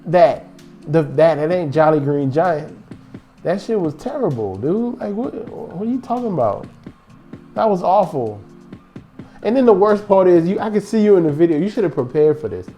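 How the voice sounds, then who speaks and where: Animated man hosting a fan sports vlog. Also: fairly high pitch, normal speed, soft background music. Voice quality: animated, rambling, joking banter. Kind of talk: casual fan commentary.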